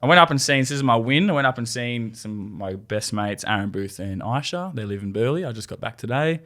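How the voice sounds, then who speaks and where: Man, 20s, podcast co-host, rapid speech, jokey. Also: mid-range voice. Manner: joking, swears, fast and animated. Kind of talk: casual chat.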